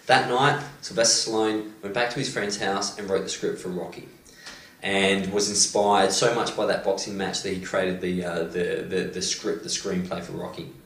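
A man, a motivational coach, retelling a story with animated delivery and many "you know"s and "um"s. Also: deep voice, normal speed. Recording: roomy echo, distant mic.

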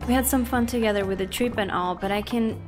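A woman voicing a kind, weary elderly lady as she reads game dialogue aloud softly and wistfully. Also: a little high, fast, close to an everyday voice. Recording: stream audio with background music. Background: soft background music.

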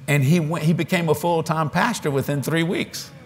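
A man preaching at a convention, telling a story in a folksy, animated way with frequent restarts, speaking into a stage microphone before a congregation. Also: a little high, moderate pace, slight background noise. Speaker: evangelist preacher. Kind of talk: storytelling sermon.

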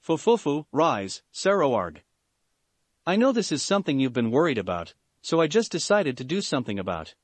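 A man's voice: on the high side, big pitch swings, moderate pace, no echo. A man voicing a sinister snake-like male scientist who chuckles creepily and speaks with menace. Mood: sly. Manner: menacing, amused.

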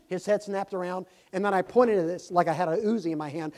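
Animated preacher telling a story. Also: male voice, high-pitched, moderate pace. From Tennessee, USA. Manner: animated, swings from loud exclamations to hushed asides. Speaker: pastor. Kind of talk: storytelling sermon. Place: church sanctuary.

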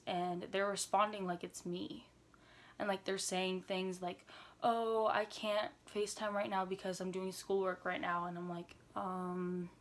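A woman's voice: mid-range voice, a bit bright. Chatty woman telling a story. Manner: chatty, peppers speech with "like"; earnest, retelling a distressing experience. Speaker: vlogger. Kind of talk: story-time vlog.

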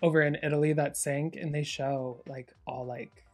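A young drag performer as a guest, telling stories in a bubbly, giggly way. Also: female voice, sits low, fairly even intonation, normal speed, soft background music. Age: young adult. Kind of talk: casual chat.

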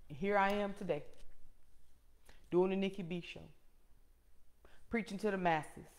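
Host, woman, middle-aged, emphatic preachy testimony, loud to hushed, medium pitch. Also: fairly even intonation, measured pace. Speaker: host and motivational speaker.

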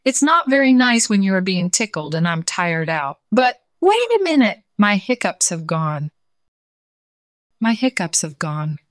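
A woman voicing a boastful male tiger who hates being tickled, in a raised, lively voice. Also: fairly low pitch, unhurried, dry recording, clean studio sound. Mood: relieved.

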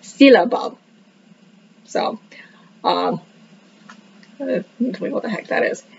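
A woman's voice: medium pitch, takes it slowly, vocal fry, a little hiss or hum. A woman casually reviewing a book, rambling with many fillers and joking that she cannot pronounce the words. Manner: self-deprecating about pronunciation. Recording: dull lo-fi recording.

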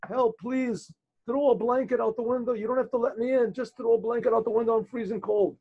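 A man's voice: sits high, fairly even intonation, brisk, creaky, husky, muffled recording, full character voice. A man voicing a desperate rich man, shipwrecked and freezing, who pleads for help.

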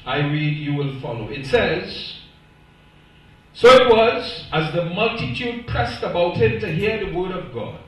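A man's voice: a little high, lively intonation, normal speed, few pauses. A man preaching a sermon as pastor, emphatic and stressing single words, recorded from a distance in a church. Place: church sanctuary. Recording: echoey church, voice from far off.

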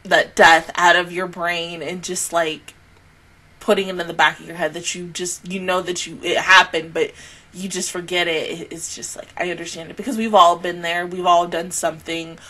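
A woman hosting an anime reaction and review, swearing, laughing and crying out, then talking it through more quietly. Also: fairly low pitch, level tone, moderate pace. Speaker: anime reaction channel host.

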